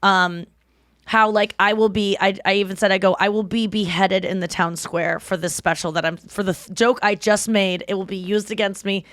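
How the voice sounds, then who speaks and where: A woman's voice: mid-range voice, steady tone, normal speed, fairly bright tone, no room sound. Chatty woman podcast host, dry sound. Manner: rambling, self-deprecating, swears freely. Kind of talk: casual chat.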